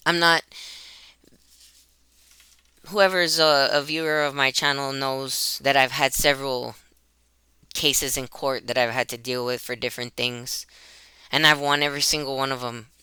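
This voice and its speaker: A woman talks straight into her computer webcam in a personal vlog, her voice very bright and crisp. She rambles with feeling, restarting phrases and circling back. The sound is dry and close. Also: extremely low pitch, steady tone, unhurried, long pauses, no room sound. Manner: emotional, rambling, restarts and repeats herself. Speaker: YouTuber.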